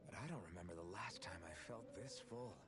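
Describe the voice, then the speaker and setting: A man's voice: fairly low pitch, fast talker, lightly acted. A man voicing an earnest, blunt young adventurer in a dubbed video game cutscene, plain-spoken and direct.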